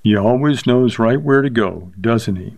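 A man's voice: medium pitch, a little slow, creaky, darkish tone. A man voicing a big, hot-tempered young saddle maker who talks bluntly through gritted teeth. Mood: warm.

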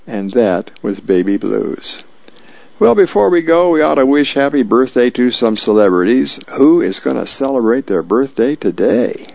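A man's voice: mid-range voice, expressive, normal speed, creaky, few pauses, a little mellow, no echo. A man volunteering as a radio reader, reading the newspaper aloud plainly with small slips, in a dull lo-fi radio recording.

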